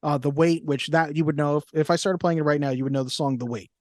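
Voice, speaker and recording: A man's voice: on the high side, steady tone, fast, a little mellow, no echo. A young man co-hosting a movie podcast in casual chat, reading cast lists and review quotes aloud. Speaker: podcast co-host.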